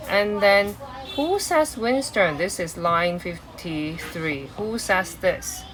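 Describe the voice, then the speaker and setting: A woman's voice: fairly low pitch, a bit bright, a little hiss or hum, rough recording. A woman teaching an exam-prep English lesson, explaining step by step with many fillers and restarts.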